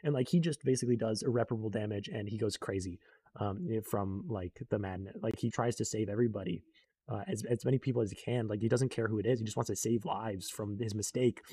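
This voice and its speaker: A man's voice: lowish voice, fast, warm tone, breathy edge, dry recording. A young man casually recapping a book in a rambling way, full of fillers, and briefly acting out the characters he quotes.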